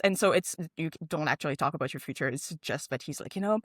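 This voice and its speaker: A woman co-hosting a casual chat, telling a story with lively acted-out dialogue. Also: brisk, dry recording, clean studio sound. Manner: animated storytelling, acting out dialogue with big pitch jumps. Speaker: podcast co-host.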